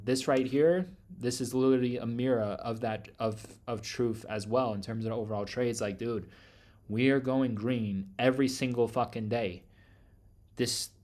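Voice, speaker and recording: Intense swearing man on a rant. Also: mid-range voice. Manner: intense, swearing constantly, repetitive. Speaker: trading channel host. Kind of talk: profane motivational rant.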